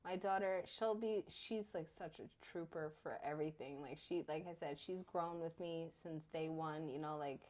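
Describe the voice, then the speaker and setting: A woman in her thirties chatting casually on a podcast, telling animated stories about her kids. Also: low-pitched, normal speed, hardly any pauses. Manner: animated storyteller, acts out her kids' voices. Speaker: podcast co-host. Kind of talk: casual chat.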